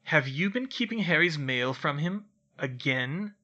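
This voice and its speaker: A firm, dignified older woman professor speaks formally and commandingly, put on by a man narrating. The voice sits a little high and sounds sharp. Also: lively intonation, measured pace, muffled recording, full character voice. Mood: stern.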